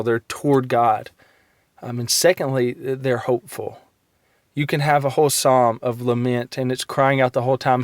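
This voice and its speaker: A man giving a short devotional encouragement in an earnest, halting way with frequent ums and restarts. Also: mid-range voice, dry recording, studio quality. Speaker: Christian encourager.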